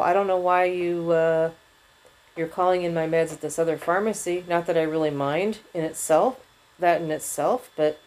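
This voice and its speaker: A woman's voice: on the low side, dark tone. A woman hosting a podcast, giving a frustrated, rambling monologue that is full of restarts and swearing. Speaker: podcast host. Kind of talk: personal venting monologue.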